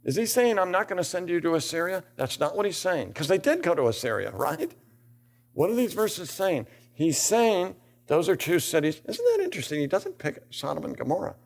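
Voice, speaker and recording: A man's voice: high-pitched, very animated, brisk, creaky. An older man giving a theology lecture in a classroom, reading scripture aloud and asking rhetorical questions, building to emphatic bursts.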